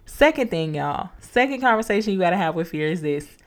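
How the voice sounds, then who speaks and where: A woman's voice: on the low side, normal speed. A woman hosting a motivational faith-based podcast. She talks casually and speaks straight to her listeners as friends, repeating key lines the way a preacher does. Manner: casual, encouraging, preacher-like repetition, addresses listeners as y'all. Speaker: podcast host.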